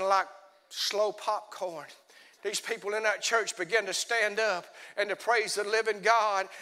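A man preaching a folksy, animated sermon as an evangelist, swinging between quiet storytelling and shouting. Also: extremely high pitch. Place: church. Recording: echoey church hall.

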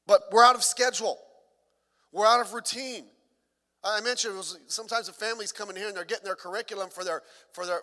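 A man's voice: sits high, sharp tone, big-room sound. A middle-aged man, a pastor, preaching a sermon in a conversational way with joking asides.

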